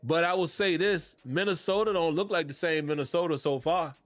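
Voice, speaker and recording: Chill guy on his podcast, kinda high voice, laughs a lot, super dry mic. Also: brisk, dry recording, soft background music. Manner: laid-back Southern-tinged slang, laughs often. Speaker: podcast host. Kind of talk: casual podcast commentary.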